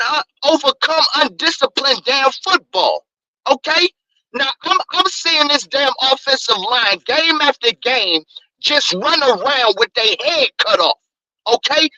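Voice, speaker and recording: Angry guy on a sports call-in, stuttery rant, bright sharp voice, dry sound. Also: very high-pitched, dry recording, lo-fi sound. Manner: angry, stammering, repeats words. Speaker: caller.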